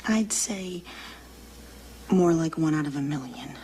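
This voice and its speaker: An actress playing a polite, tactful young woman in a comedy film, speaking gently and hedging. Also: deep voice, lively intonation, a little slow, a little hiss or hum. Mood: gentle.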